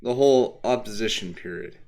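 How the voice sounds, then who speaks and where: A man's voice: fairly low pitch, brisk, a little mellow. A young man from Texas, streaming a game and chatting casually, rambling and answering his chat with plenty of fillers. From Texas, USA.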